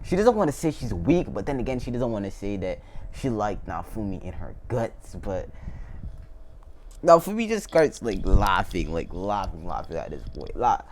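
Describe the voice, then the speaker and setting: A man's voice: lowish voice, big pitch swings, moderate pace, a little mellow, a little hiss or hum. A man casually retelling a fan story, rambling, laughing often and correcting himself as he goes.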